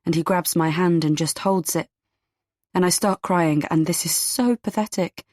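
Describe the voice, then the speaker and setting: A woman narrating a first-person story in a steady, low-key way. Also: moderate pace, dry recording, studio quality. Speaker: audiobook narrator.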